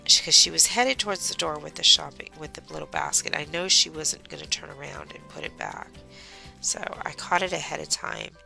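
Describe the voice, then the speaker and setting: A woman's voice: low-pitched, brisk, vocal fry, pushed and bright, faint music behind. A middle-aged woman chatting casually while she crafts, telling a rambling story about her daughter as host of a craft livestream.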